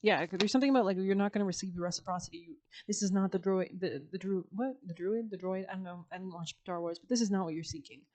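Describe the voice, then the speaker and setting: A woman reads tarot cards in a loose, chatty way. Her voice is warm and mellow and sits at a middle pitch. She leans on slang and filler words and laughs often as she talks. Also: fairly even intonation, fast, few pauses. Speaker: tarot reader. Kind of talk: casual tarot reading.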